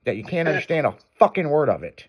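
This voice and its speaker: A man's voice: fairly high pitch, big pitch swings, fast talker, breathy edge. A man hosting a radio show, telling a long crude story in loose casual talk.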